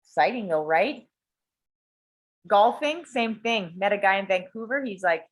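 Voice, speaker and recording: A woman talking in a blunt, animated way, swearing freely as she leads a small group. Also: medium pitch, a little slow. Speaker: coach and workshop leader. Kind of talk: casual talk to a small group.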